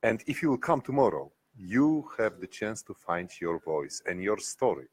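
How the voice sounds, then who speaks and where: A guest speaker, a man, giving viewers a short, earnest message in slow, carefully chosen phrases. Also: lowish voice, big pitch swings, breathy edge, no echo. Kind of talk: short heartfelt address to viewers.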